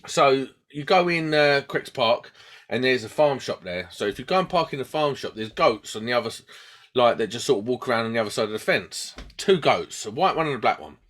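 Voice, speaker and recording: A podcast co-host with a medium-pitched voice tells a story at a brisk pace in a casual chat. He's animated, acting out the voices of people he quotes and laughing at himself.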